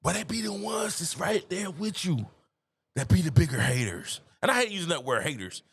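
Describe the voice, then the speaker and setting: A middle-aged man hosting a live stream, ranting casually to his viewers in an animated, preachy way and repeating phrases for emphasis. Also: high voice, moderate pace, husky. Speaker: live-stream show host. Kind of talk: casual opinion rant to viewers.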